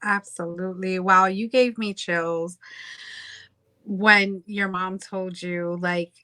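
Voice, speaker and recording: Bright-voiced woman podcast host. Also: mid-range voice, steady tone, takes it slowly, smooth. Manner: reflective, asks layered questions. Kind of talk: interview conversation.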